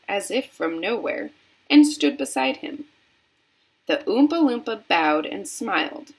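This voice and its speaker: A woman reading a children's novel aloud in a slow, deliberate storytelling manner. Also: on the high side, creaky, husky. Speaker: reader.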